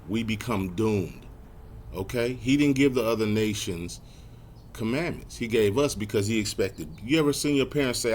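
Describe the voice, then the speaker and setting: Reading scripture slowly and distinctly, this man then breaks into relaxed, everyday commentary full of "man" and "y'all" as he teaches a Bible lesson. He speaks at a medium pitch, with slight background noise.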